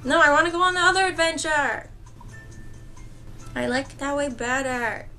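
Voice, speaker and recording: A young woman giving casual, excitable gameplay commentary, laughing and repeating herself in panic. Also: high-pitched, unhurried, soft background music. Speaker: gaming vlogger.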